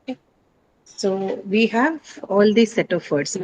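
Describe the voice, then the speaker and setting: A woman's voice: medium pitch, animated, slow pace, darkish tone, poor audio. Woman teacher, classroom lecture, step-by-step explaining, faint background noise. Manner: explains step by step, frequent fillers and tag questions. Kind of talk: classroom lecture on word stress.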